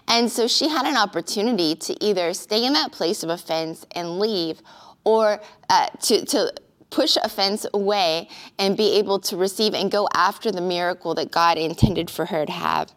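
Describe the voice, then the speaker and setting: A woman pastor giving an earnest, conversational sermon-style teaching with occasional filler pauses. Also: mid-range voice.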